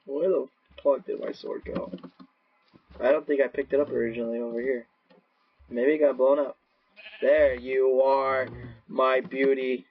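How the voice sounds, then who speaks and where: A man doing gaming commentary, rambling to himself with profane, erratic outbursts and sudden yelling. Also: mid-range voice, little pitch movement, measured pace, pauses often, slightly rough. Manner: rambling self-talk. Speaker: gaming channel host. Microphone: laptop mic. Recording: dull lo-fi laptop mic.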